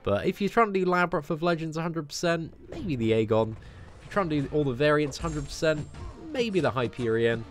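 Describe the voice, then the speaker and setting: A young British man casually answering viewer questions on a game live stream, relaxed and chatty, often tagging sentences with "man.". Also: on the high side, a little fast, soft background music.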